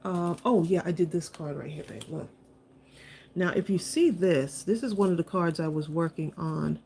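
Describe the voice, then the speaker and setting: A woman's voice: fairly low pitch, moderate pace, creaky, dark tone, slight background noise. A woman hosting a live crafting stream, chatting with viewers and laughing often as she demonstrates supplies. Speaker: craft channel host.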